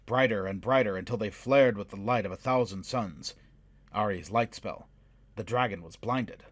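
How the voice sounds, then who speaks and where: A man narrates a fantasy adventure in a measured, dramatic storytelling voice. His voice sits fairly low. The recording is close and dry, with no room sound. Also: a bit bright, dry recording. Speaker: audiobook narrator. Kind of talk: scripted narration.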